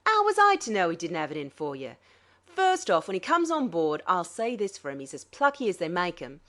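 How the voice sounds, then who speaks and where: A woman's voice: on the low side, wildly swooping pitch, fairly quick, fairly bright tone. A woman voicing a boastful, aggrieved male sea captain in an audiobook reading.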